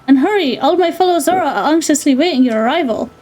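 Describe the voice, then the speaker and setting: Woman reading a friendly male fish prince from a game, high voice, plain delivery. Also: lively intonation, quick pace, a little mellow, slight background noise. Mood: earnest. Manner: plain read-aloud of game dialogue.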